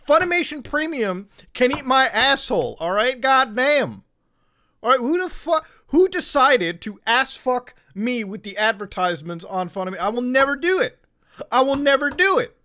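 A man streaming live who rants in a high, sarcastic voice. He swears constantly, pushes every point hard, and keeps tacking "okay?" and "all right?" onto his sentences. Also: lively intonation, moderate pace, sharp tone. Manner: profane, emphatic, sarcastic. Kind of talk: casual live-stream rant.

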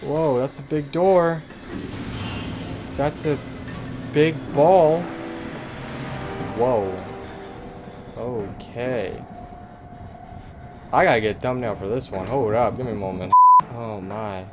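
A man's voice: mid-range voice, slow pace, pauses often. Jumpy young man playing a horror game. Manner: jumpy, swears, bursts into frightened yelps. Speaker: gaming YouTuber. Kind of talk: horror let's-play commentary. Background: game music.

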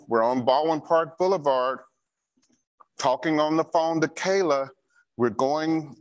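A man giving a church safety training talk, repeating key instructions and telling a personal story. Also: mid-range voice.

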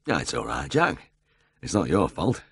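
A man voicing a taciturn old farmer with a Yorkshire accent, speaking quietly and flatly in few words. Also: a bass voice, a little slow, vocal fry, husky, no echo, clean studio sound, full character voice. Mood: quietly firm.

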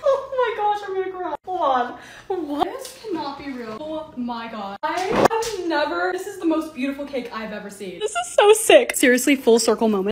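A young woman in her twenties narrating her own lifestyle vlog, bubbly and excitable as she talks through each project. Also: sits high. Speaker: lifestyle creator.

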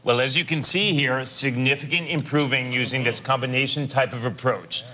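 A man appearing as a dermatologist guest on a TV show, explaining a treatment in measured clinical terms. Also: medium pitch, sharp tone, a little hiss or hum. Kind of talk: studio interview.

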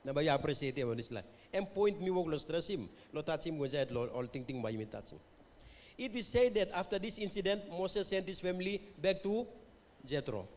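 A male pastor with a Papua New Guinean accent preaching a revival sermon, switching between English and Tok Pisin and putting questions to the congregation. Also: high-pitched. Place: church hall. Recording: long church-hall reverb.

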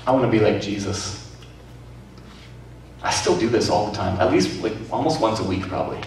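A man preaching a sermon as pastor, telling stories with lively energy, acting out quoted voices and laughing often. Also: lowish voice, normal speed. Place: community centre hall. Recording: very echoey hall, voice from far off, faint noise.

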